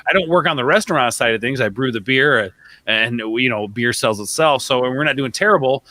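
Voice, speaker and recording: A man in his thirties chatting on a podcast with a bright, forceful tone and a dry, close sound. He rambles loosely, piling up fillers and tossing in man and bro as he goes. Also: mid-range voice, expressive, a little fast, no room sound, low-quality recording. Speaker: podcast co-host. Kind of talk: casual podcast chat.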